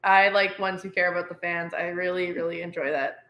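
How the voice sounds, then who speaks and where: A woman's voice: fairly low pitch, fairly even intonation, fairly quick, dull audio. A woman chatting casually as podcast co-host, agreeable and full of fillers as she talks. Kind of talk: casual chat.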